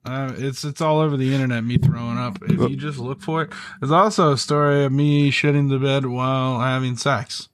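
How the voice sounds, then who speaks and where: A man co-hosting a podcast, cracking crude jokes in a deadpan way. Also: medium pitch, a little fast, few pauses, smooth. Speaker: podcast co-host. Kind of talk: casual podcast chat.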